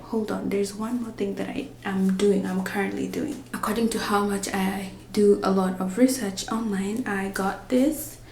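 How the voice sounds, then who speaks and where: A woman's voice: mid-range voice, steady tone, normal speed, vocal fry, few pauses, a little mellow, roomy sound, a little hiss or hum. A woman vlogging in a rambling, chatty way, often dropping to a whisper so she won't wake a napping baby. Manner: rambling, chatty, with many fillers. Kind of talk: casual vlog.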